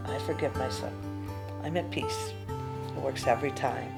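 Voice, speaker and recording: A woman giving a gentle spiritual teaching talk, unhurried and often sinking to a hushed near-whisper. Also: very deep voice, gravelly, over music.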